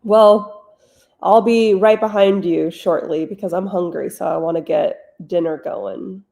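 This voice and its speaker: A woman's voice: on the low side, normal speed, vocal fry, warm tone. A woman author hosting a live writing stream from home, answering chat questions in a blunt, wry, casual way.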